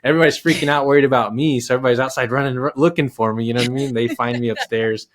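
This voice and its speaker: Animated man telling a story. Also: mid-range voice, rapid-fire. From Texas. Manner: animated, laughing storyteller with many restarts. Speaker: guest. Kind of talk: casual storytelling.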